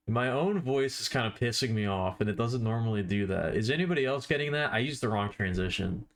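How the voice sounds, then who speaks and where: A man's voice: mid-range voice, fairly quick. A man chatting casually on a live stream while he draws, rambling and self-deprecating, with offhand swearing.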